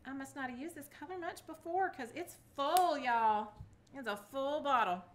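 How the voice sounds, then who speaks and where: A woman's voice: sits high, normal speed. A middle-aged woman, chatting through a casual craft tutorial and cheering herself on as she works. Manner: chatty, self-encouraging, talks to viewers. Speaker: craft vlogger.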